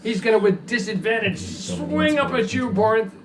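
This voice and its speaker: High-voiced man running a tabletop game. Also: expressive, noisy background. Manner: brisk rules narration with playful sound effects. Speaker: game master. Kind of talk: narrating a tabletop game on a live stream.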